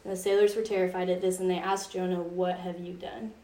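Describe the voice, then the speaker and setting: Her voice is fairly low, warm and level, moving at a fairly quick pace as this young woman retells a Bible story for a youth group. The storytelling is chatty and heavy on "like" and asides, recorded from afar in a reverberant room.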